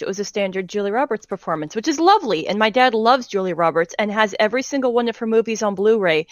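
A woman's voice: mid-range voice, dry recording. A woman co-hosting a podcast, telling stories in casual chat and laughing mid-sentence. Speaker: podcast co-host.

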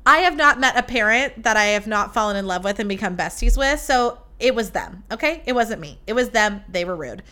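Bright, brash young podcast woman. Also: fairly high pitch, brisk, few pauses. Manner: profane, animated storytelling. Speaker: podcast host. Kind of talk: casual storytelling.

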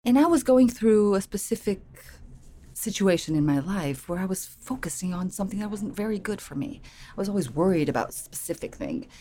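A middle-aged woman from Portugal with a Portuguese accent, a life coach telling her story as an interview guest with animated, acted-out thoughts. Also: medium pitch, brisk, a little hiss or hum. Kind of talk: conversational interview.

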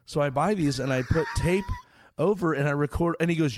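A man's voice: a little high, a little fast, no echo. A comedian in his forties telling a story on a podcast, acting out the dialogue with lots of energy. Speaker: comedian guest.

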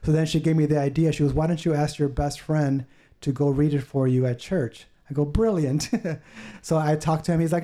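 Earnest man with a very dark voice. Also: on the high side, steady tone, normal speed. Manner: earnest, heartfelt storytelling; acts out what others said. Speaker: podcast guest. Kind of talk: personal testimony.

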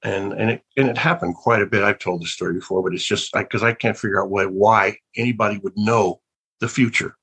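A man's voice: on the low side, steady tone, fairly quick, fairly bright tone, breathy edge, poor audio. An older man, an actor being interviewed, telling wandering stories with many restarts and a musing, reflective tone. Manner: rambling, with many restarts and trailing thoughts; wondering, reflective. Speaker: actor and guest. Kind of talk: casual interview storytelling.

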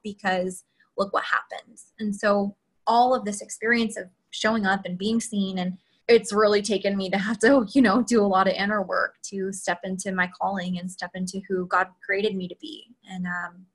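A woman in her thirties with a mid-range, fairly bright voice, appearing as a guest and telling a candid personal story. She's chatty, throws in "like" and "you know" constantly, and drifts into quick asides.

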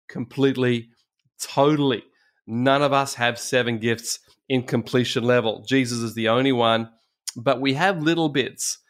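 Fervent Australian preacher man. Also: medium pitch. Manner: fervent, repetitive exhortation with restarts. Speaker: pastor. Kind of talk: sermon.

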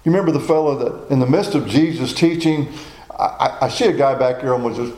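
A man's voice: mid-range voice, brisk, a little mellow, echoey room, rough recording. A man in his sixties preaching a sermon in a folksy, personal storytelling way. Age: 60s.

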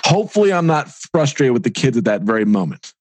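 Rambling, energetic man talking with a guest's ease. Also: medium pitch, fast, no room sound. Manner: energetic, rambling, quotes imagined dialogue. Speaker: podcast guest, entrepreneur and author. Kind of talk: casual interview talk.

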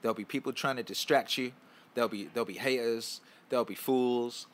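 A man's voice: medium pitch, brisk. A man hosting a casual live stream, answering chat questions in an emphatic, profane, repetitive way.

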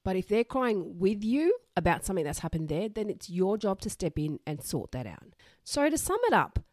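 A woman's voice: mid-range voice, lively intonation, normal speed, warm tone, dry recording, studio quality. A woman, hosting a solo parenting advice podcast in a frank, direct way. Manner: direct, frank, swears casually. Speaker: podcast host.

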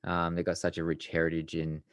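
A man co-hosting a casual motorsport podcast, easygoing and quick to agree. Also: deep voice, completely flat delivery, no room sound, studio quality. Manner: easygoing, short agreeing replies. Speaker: podcast co-host.

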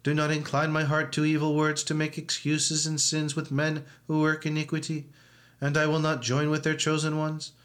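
A man reading and chanting psalms in a church service, with steady monotone intoning. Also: on the high side, moderate pace.

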